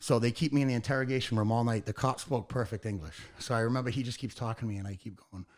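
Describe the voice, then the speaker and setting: An American man in his forties tells a story in a loose, relaxed podcast conversation. He swears constantly and acts out the other people's lines as he goes. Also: mid-range voice, very fast. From United States. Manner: animated, profane storytelling with acted-out quotes. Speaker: podcast guest, hardcore band singer. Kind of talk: casual storytelling chat.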